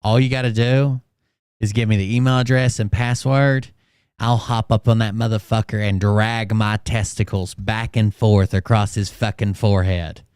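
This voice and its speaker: A man's voice: on the low side, steady tone, moderate pace, darkish tone, smooth, no room sound, clean studio sound. A man mocking a played clip with crude, sarcastic, profane ridicule. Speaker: reaction commentator.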